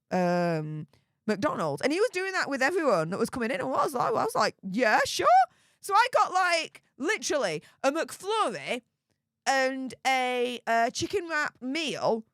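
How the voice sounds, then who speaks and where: A young English woman hosting a live stream, rambling in a chatty, excitable way with plenty of fillers and mild cursing. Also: on the high side, no echo, studio quality. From Yorkshire, England. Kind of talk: casual live stream chat.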